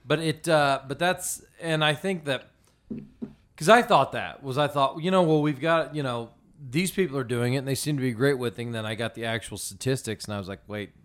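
A man's voice: mid-range voice, normal speed. A man chatting casually as a podcast guest, rambling and often restarting his sentences. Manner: rambling, self-interrupting, animated. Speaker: podcast guest, donut shop owner. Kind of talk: casual chat.

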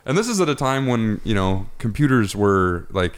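A man's voice: lowish voice, sing-song, moderate pace, smooth. A man hosting a podcast with his father, telling family stories with lots of swearing and laughter. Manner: profane, laughing storyteller. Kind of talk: casual chat, family storytelling.

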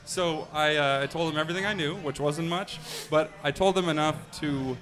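A man casually telling a long, profane story with animated delivery on a podcast. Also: fairly high pitch, fairly quick, soft background music. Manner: animated, profane, acts out quotes.

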